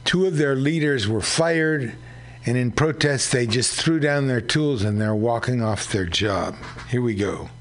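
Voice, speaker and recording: Brief: male radio host, mid pitch, slow unhurried talk. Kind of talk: community radio commentary.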